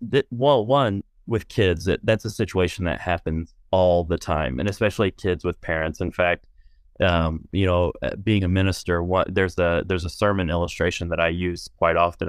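Smooth low-voiced man telling a story. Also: no echo, clean studio sound. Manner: rambling, many restarts and fillers, animated when telling stories. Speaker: guest, minister. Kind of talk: storytelling in conversation.

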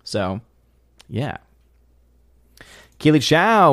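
Male streamer reading chat comments on air: casual, chatty, restarts his sentences, dry close sound, average pitch. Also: moderate pace, dry recording. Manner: chatty, reads viewer comments aloud, frequent restarts.

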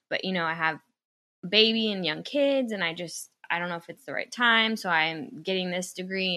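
Young woman, podcast co-host, casual storytelling, animated, bright voice, dry close sound. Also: lowish voice, dry recording. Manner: animated, acts out quoted dialogue, swears when annoyed.

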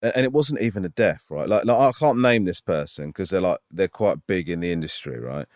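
A man, a stand-up comedian and podcast co-host, telling an animated story in casual chat with lots of "like" and "right?". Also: low voice, fairly quick, no echo, studio quality. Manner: animated, full of fillers like "like" and "right?".

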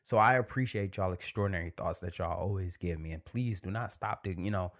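A man hosting his own podcast, talking in a relaxed, conversational way and sometimes dropping to a near-whisper for emphasis. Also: deep voice, fairly quick. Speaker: podcast host. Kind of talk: casual solo podcast monologue.

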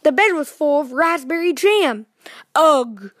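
A woman reading a children's storybook aloud in a lively way, asking her young listeners questions. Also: on the high side, moderate pace, dry recording.

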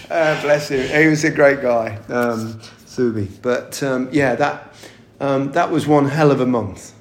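A middle-aged man, a former footballer, telling chatty anecdotes in an interview, laughing often and restarting his sentences. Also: mid-range voice. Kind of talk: casual interview storytelling. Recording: echoey room.

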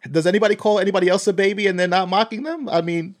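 A man's voice: high voice, fairly even intonation, very fast. A man co-hosting a podcast, explaining his view of wrestling stories in a patient, matter-of-fact way during casual chat. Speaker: podcast co-host.

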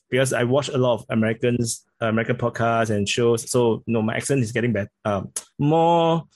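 A man's voice: medium pitch, a little mellow. A man from Singapore with a Singaporean accent, a podcast guest chatting casually and often stumbling over the first words of a sentence. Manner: halting, repeats words when starting sentences. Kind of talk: casual interview chat.

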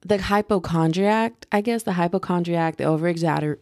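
A young woman vlogger telling a personal story in a chatty, animated way, full of "like"s. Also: fairly low pitch, brisk, no echo, studio quality. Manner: chatty, animated retelling with many "like"s. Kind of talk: casual storytime.

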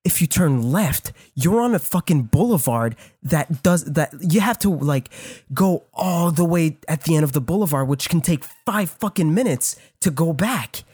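A man's voice: fairly high pitch, moderate pace, hardly any pauses, slightly rough, no room sound, clean studio sound. A man co-hosting a podcast, telling a story in casual chat, swearing constantly and acting out what people said. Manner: heavy swearing, excited retelling, acts out quotes. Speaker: podcast co-host.

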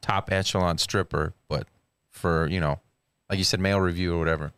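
Deadpan man with a low voice. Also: brisk, clear, resonant tone, dry recording, studio quality. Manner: deadpan, wisecracking. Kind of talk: casual chat.

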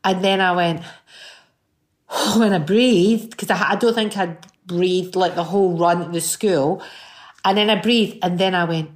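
A middle-aged woman with a Scottish accent, chatting as a guest and telling lively stories, acting out what people said. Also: fairly low pitch, moderate pace. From Scotland. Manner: lively storyteller who acts out quotes. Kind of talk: casual chat.

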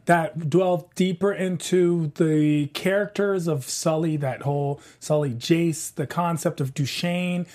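Man, panel guest, casual chat, enthusiastic, slangy, high-pitched. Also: fairly even intonation, measured pace, hardly any pauses, darkish tone. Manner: enthusiastic, drops slang, long run-on thoughts.

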